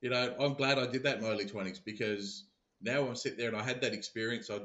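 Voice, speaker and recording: A man's voice: medium pitch, steady tone, fast, a bit bright. A man, a podcast guest and sales business founder, telling stories in casual conversation and repeating words as he restarts. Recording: dull, roomy remote recording.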